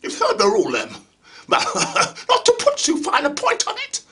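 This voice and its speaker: A smug, boastful politician preens at an audition in a pompous, high voice, as a man puts him on. His pitch bounces widely and his tone stays bright and sharp. It plays as a comic sketch. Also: huge pitch swings, a little slow, slight background noise, heavily acted.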